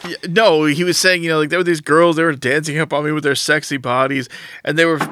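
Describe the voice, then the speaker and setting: Sarcastic, teasing male co-host, bright and somewhat high voice. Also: little pitch movement, fast. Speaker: podcast co-host. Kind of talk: casual movie recap chat.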